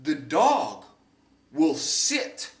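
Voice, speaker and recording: A man's voice: on the high side, very slow, distant mic. A young man hosting a podcast, telling a long profane story and acting out other people's voices as he goes. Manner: animated, profane storyteller who acts out other people's lines. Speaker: podcast host. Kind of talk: casual storytelling chat. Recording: echoey room, slightly off-mic.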